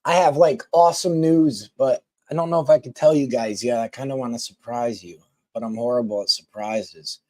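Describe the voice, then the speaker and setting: A man's voice: mid-range voice, fairly even intonation, moderate pace, dark tone, no room sound. A man chatting casually with viewers on a live stream, rambling with lots of ums and restarts.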